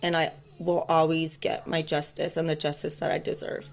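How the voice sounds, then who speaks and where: Her voice sits low and creaky, with little pitch movement, at normal speed. This adult tarot vlogger, mother of two boys, tells a personal story to camera in a rambling, intense, defiant manner full of fillers.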